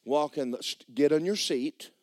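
A man preaching a sermon as pastor, swinging from shouted bursts to low, quiet lines and acting out dialogue. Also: moderate pace, no room sound, clean studio sound. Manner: acts out dialogue in dramatized voices. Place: church sanctuary.

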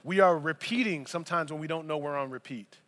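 Male pastor, high voice, lively conversational sermon with asides, church sanctuary with long reverb. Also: fast. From United States. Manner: animated, conversational preaching with asides.

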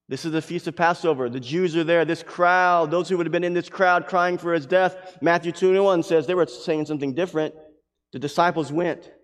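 A man preaching a sermon who reads scripture aloud and swings from loud, emphatic lines to hushed ones. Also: medium pitch. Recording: long hall reverb.

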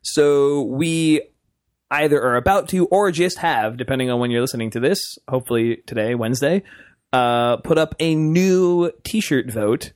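A man's voice: medium pitch, moderate pace, darkish tone, no room sound, studio quality. Joking, rambling male podcast host. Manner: joking, rambling, laughs a lot. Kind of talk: casual chat.

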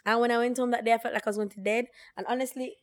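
Woman, high voice, lively storytelling, casual podcast chat. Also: very fast. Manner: animated storytelling with patois and quoted voices. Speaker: podcast co-host.

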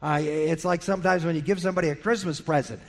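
Animated high-voiced male pastor preaching. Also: fast talker. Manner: animated, acts out quoted voices. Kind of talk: sermon.

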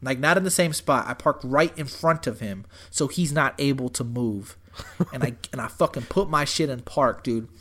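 Young dude ranting through a story, swears nonstop, mid-pitched voice. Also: male voice, moderate pace. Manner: profane, animated, says "dude" and "bro" constantly. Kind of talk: casual storytelling chat.

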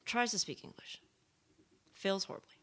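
A woman's voice: medium pitch, moderate pace, creaky. A woman in casual conversation, thinking aloud with many fillers and rhetorical questions. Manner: thoughtful, animated, lots of fillers and rhetorical questions.

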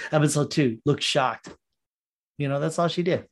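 A man's voice: a little high, slow, a little hiss or hum. A man ranting casually on a solo podcast, rambling and profane, laughing often and mocking characters in quoted voices.

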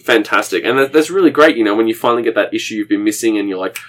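A man from Australia co-hosting a podcast, telling stories in an excitable, meandering way. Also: fairly low pitch, racing. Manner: excitable storyteller, many fillers and restarts, laughs often. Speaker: podcast co-host. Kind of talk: casual chat.

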